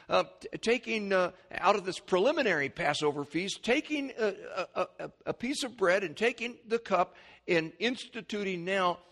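Male pastor, sermon delivery, animated teaching, slightly higher voice. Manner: animated teaching, rising excitement on key points; reads scripture in King James wording.

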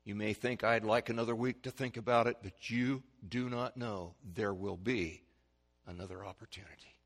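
A male preacher giving a sermon, swinging from hushed, slow pleading to loud, high-pitched shouts. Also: fairly even intonation. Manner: dramatic swings from quiet to shouting.

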